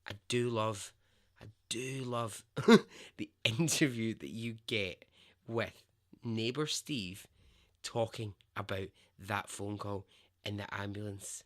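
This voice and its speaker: A man's voice: lowish voice, takes it slowly, a bit bright. A man hosting a podcast, telling a true story in a conversational, emphatic way and swearing freely. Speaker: podcast host.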